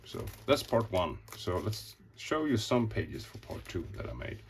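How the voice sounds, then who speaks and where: A man talks through his comic pages in a loose, rambling way, swearing freely as he acts out the scenes. His voice sits extremely low and has a rough, gravelly edge. A faint hiss runs under the recording. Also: wildly swooping pitch, unhurried. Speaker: comic artist. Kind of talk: casual show-and-tell.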